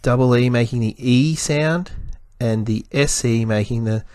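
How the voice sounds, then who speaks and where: A male teacher giving a spelling lesson to children, spelling words out letter by letter and sounding out each part slowly and carefully. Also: mid-range voice, darkish tone, clean tone, no echo.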